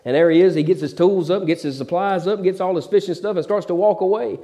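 Middle-aged preacher man, folksy storytelling sermon, mellow tone, kinda high. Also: fast. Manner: preachy storytelling, repeats words when excited. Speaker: pastor.

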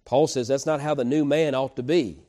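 Folksy preacher with mellow voice. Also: male voice, medium pitch, fairly even intonation, fairly quick. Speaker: pastor. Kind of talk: sermon.

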